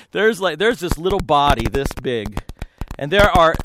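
A man speaking as a pastor in a storytelling talk, animated, laughing often and acting out the voices of people in his stories. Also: a little high, unhurried, noisy background.

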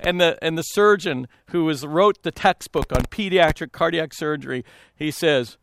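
A man speaking as a pastor in a storytelling talk, animated, laughing often and acting out the voices of people in his stories. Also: a little high, brisk, gravelly, no echo.

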